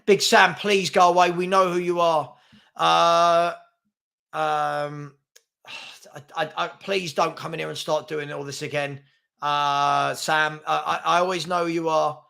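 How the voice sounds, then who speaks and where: A man hosts a live football stream in a casual, chatty way. His voice sits a bit higher than most men's. He trips over words with fillers and stammered restarts, and he snaps back sharply at rude commenters. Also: gravelly. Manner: chatty and animated, quick to call out rude commenters. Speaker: host of a daily football chat stream.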